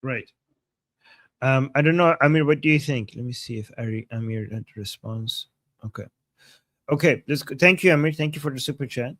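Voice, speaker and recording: A man's voice: mid-range voice, brisk, fairly bright tone. A man hosting a political livestream, thinking aloud with ums, thanking viewers and asking his guest questions. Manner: musing, hesitant, reads viewer super chats. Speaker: livestream host. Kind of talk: live-stream political talk.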